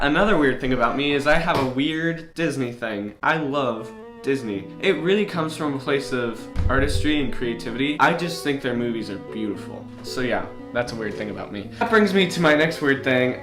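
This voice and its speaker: A man's voice: mid-range voice, expressive, moderate pace, hardly any pauses. Teen guy vlogging, goofy and rambly, making fun of himself, echoey room w guitar music. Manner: rambling, self-mocking, goofy. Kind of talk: casual chat to camera.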